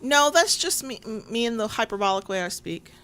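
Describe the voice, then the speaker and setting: A woman's voice: fairly high pitch, fairly quick, clear, resonant tone. A woman co-hosting a podcast, chatting casually, telling stories with swearing and laughs. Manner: animated, swearing storyteller with frequent laughs. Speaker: podcast co-host. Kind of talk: casual chat.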